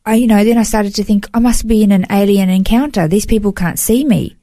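An earnest woman recounts a personal story in a warm, mellow voice that sits at an ordinary pitch. She talks in heartfelt, flowing runs, peppered with "you know". The sound is close and dry. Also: fairly quick, no room sound. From Australia. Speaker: guest sharing a personal testimony. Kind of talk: emotional first-person storytelling.

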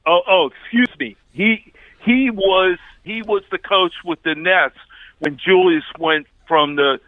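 A man's voice: sits high, fairly even intonation, unhurried, no room sound. A man in his sixties calling in to a sports radio show, reminiscing in a rambling way. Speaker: caller. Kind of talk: call-in chat. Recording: tinny phone line.

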